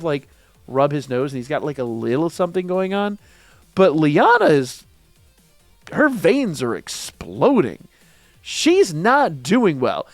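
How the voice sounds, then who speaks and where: A man hosting a casual manga reaction review, excitable, slangy and emphatic. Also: a little high, no echo.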